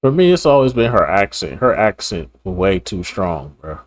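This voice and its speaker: A man's voice: low voice, sing-song, moderate pace. A man hosting a reaction video, talking bluntly and profanely in casual commentary, laughing and repeating himself.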